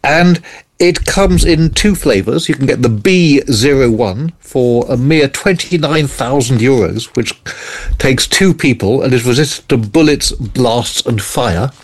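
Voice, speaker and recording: A man's voice: mid-range voice, unhurried. Chatty man presenting gadget news. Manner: chatty, explains then jokes and laughs. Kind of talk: casual radio chat. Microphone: studio mic.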